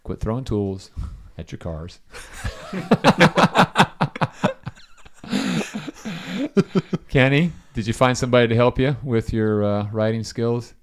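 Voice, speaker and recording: A man's voice: mid-range voice, moderate pace, few pauses, clear, resonant tone. A middle-aged man leading a casual Bible study, telling a story and asking his listeners questions.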